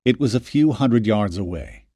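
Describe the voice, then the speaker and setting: A man narrating an audiobook in a scripted, expressive reading. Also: on the low side, normal speed, husky, dry recording.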